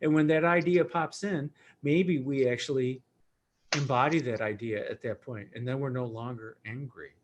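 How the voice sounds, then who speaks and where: A man hosting a spiritual livestream as a Reiki teacher, talking in a gentle, reflective and conversational way. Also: mid-range voice, moderate pace, background noise.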